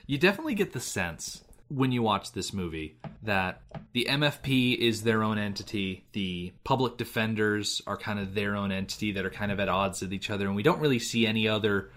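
A man's voice: on the low side, animated, fairly quick, a bit bright. An American man co-hosting a podcast, rambling in casual chat and laughing often. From United States. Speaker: podcast co-host.

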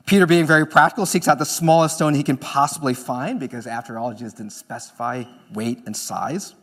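A pastor preaching a sermon in an earnest manner, moving between emphatic lines and hushed ones. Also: male voice, medium pitch, a little fast.

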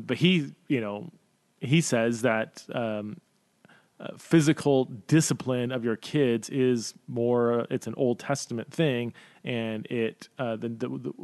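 A man's voice: medium pitch, darkish tone, no echo. A man hosting a Q&A podcast, thinking aloud with lots of fillers and restarts and stumbling over words. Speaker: podcast host. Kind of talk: casual Q&A podcast talk.

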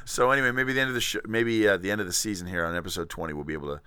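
A man's voice: fairly low pitch, very fast, sharp tone, clear, resonant tone, dry recording. A man hosting a show in casual chat, rambling and laughing easily. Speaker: podcast host.

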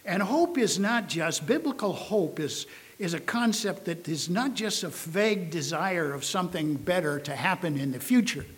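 A man preaching a sermon in a slow, emphatic way, with pauses and fillers. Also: high voice, expressive.

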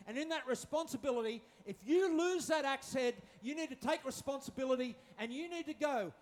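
High-voiced joking preacher man. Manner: humorous, acting out quotes, repeats phrases. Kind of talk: sermon.

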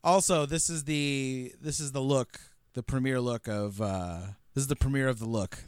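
An American man co-hosting a casual film podcast, telling relaxed travel anecdotes. His voice is smooth and resonant at a middle pitch, recorded dry and close. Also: moderate pace, no room sound. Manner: relaxed storyteller, sharing anecdotes. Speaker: podcast co-host.

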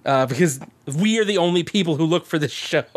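Excitable, profane, laughing podcast co-host man. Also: on the high side, brisk. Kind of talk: casual chat.

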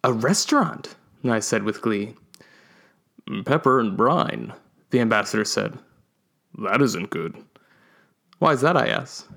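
A man reading his own comic story aloud and giving the characters quick voices. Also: lowish voice, animated, vocal fry, fairly bright tone. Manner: playful, switches voices for quoted characters.

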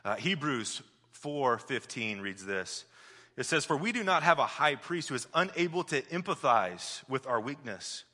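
Man, pastor sermon, very bright tense voice, long hall reverb, animated then hushed. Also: mid-range voice, unhurried. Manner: animated storyteller, builds up loudly then drops soft.

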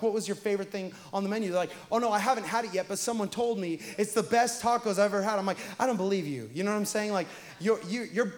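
A young adult man, a pastor preaching a sermon in a chatty storytelling way that builds to shouted emphasis. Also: high-pitched.

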